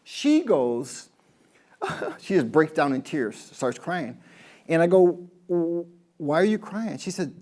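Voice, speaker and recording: A man's voice: on the high side, big pitch swings, measured pace, dark tone. A man, a golf pro, giving a rambling motivational talk to a live audience, telling stories and asking the crowd questions.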